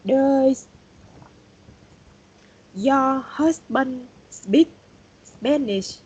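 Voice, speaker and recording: A woman's voice: high voice, drawn-out words, darkish tone, slightly rough, dull audio. A woman learning English who answers exercises hesitantly, one word at a time. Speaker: language student.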